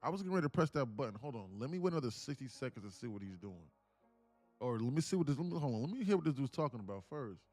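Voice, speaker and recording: A man hosting a day trading livestream, talking in loose, joking, slang-heavy banter with quick restarts. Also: mid-range voice, sing-song, darkish tone, soft background music. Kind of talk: casual livestream chat.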